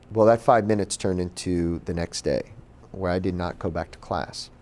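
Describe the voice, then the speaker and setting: A man giving a personal storytelling talk at a bookstore event, animated and acting out the voices he quotes. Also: low-pitched, moderate pace. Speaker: author and speaker.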